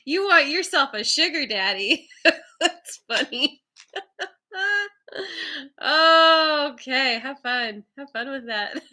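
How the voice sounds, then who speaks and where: Slow-talking bright-voiced tarot reader. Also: female voice, high-pitched. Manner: laughs often, warm and encouraging to viewers; stumbles over viewer names. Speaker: tarot reader hosting a live stream. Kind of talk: casual live-stream chat.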